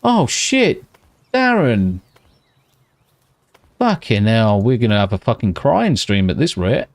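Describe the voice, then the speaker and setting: A British man streaming live from home at night, chatting casually with viewers, swearing constantly and talking slightly quietly. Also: on the low side, sing-song, slow pace, no room sound.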